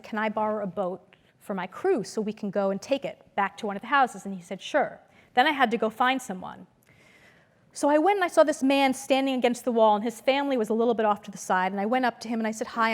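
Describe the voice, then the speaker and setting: A woman lecturer giving a conference talk to an audience, storytelling in a lively way and acting out the voices she quotes. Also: a little high. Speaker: business school lecturer. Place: lecture hall.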